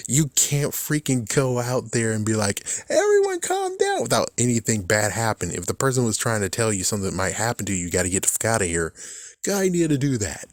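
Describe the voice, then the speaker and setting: A young man talking casually about a movie he watched, animated and loose, swearing often and laughing at his own jokes. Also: on the low side, a little fast, dry recording, studio quality. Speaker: movie commentary vlogger. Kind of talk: casual rambling movie talk.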